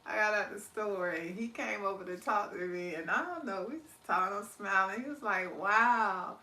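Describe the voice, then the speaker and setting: A woman's voice: mid-range voice, far from the mic. A woman hosting a casual live stream, reading out chat comments, laughing easily and closing with a spiritual encouragement. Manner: chatty, laughs often, drawls words slowly; warm encouraging sign-off with spiritual talk. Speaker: livestream host.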